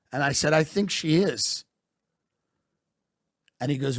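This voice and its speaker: A man delivering a satirical comedic monologue in a mock-patriotic, deadpan manner that swells into shouted bursts. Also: on the high side, a little slow, vocal fry, pauses often, no echo, studio quality.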